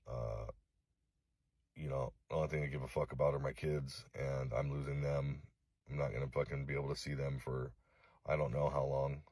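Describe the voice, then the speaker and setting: A middle-aged man from Los Angeles making a direct-to-camera apology video, halting and remorseful, swearing often. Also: rumbling low, level tone, a little mellow, no echo. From Los Angeles, USA. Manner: halting, remorseful, heavy swearing, frequent fillers. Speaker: vlogger.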